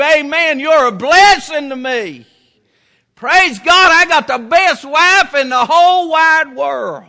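High-pitched, bright-voiced preacher man. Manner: folksy, down-home preaching with repeated phrases. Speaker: pastor. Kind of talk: sermon.

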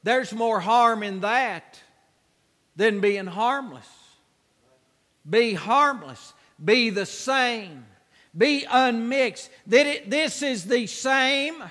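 A man preaching a sermon with emphatic, repeated exhortations that swell into shouts. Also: very high voice, extremely slow, big-room sound.

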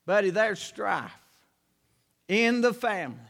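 A man's voice: extremely high pitch, measured pace. A man preaching a sermon, telling a story in a folksy way and acting out its scenes.

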